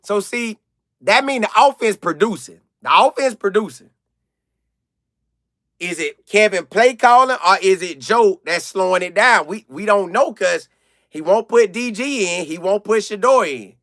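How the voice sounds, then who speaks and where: A man's voice: high-pitched, lively intonation, unhurried, a bit bright, no echo, clean studio sound. A man hosting a casual sports live stream, reading viewer comments aloud and reacting in loose slang.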